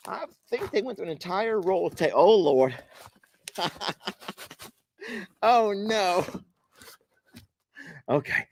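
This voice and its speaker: A chatty man talks straight to his viewers in a relaxed, homespun way. His pitch swings up and down freely as he goes, with a bouncy, expressive lilt. It sounds like casual vlog chat between friends. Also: takes it slowly, long pauses. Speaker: vlog host. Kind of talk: casual vlog chat while opening gifts.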